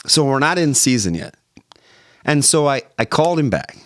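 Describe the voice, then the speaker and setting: A man speaking at an everyday pitch, telling a story as a podcast guest and acting out both voices of a phone call. He uses lots of "like"s and restarts, and the sound is dry and close to the mic. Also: sing-song, moderate pace, fairly bright tone, no room sound. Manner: tells stories by acting out both sides of phone calls, many "like"s and restarts. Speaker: podcast guest, former football player. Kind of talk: animated storytelling in conversation.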